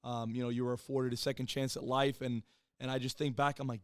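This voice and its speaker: A man in his thirties talks fast in a smooth, clear voice that sounds close and dry. He is a podcast guest telling his own story in a casual, profane way. He acts out the voices of the people he quotes. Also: mid-range voice, steady tone, no room sound. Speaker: podcast guest, former Marine and police officer.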